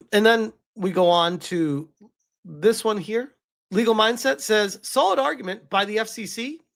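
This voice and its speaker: A man's voice: sits high, creaky, a bit bright. A man commenting live on a stream, emotional and rambling, often restarting his sentences.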